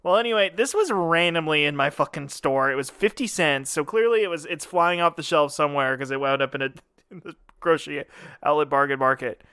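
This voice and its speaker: Bright, clear-voiced male podcast co-host. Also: fairly high pitch, brisk, no echo, clean studio sound. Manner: joking, rambling, laughs often. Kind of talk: casual comedic chat.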